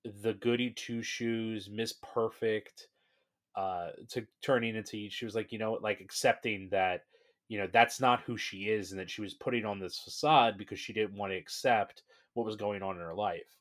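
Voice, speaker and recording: A man co-hosting a casual podcast chat, talking in an animated way and acting out scenes. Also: on the low side, moderate pace. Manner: animated, laughing, acts out scenes. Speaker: podcast co-host.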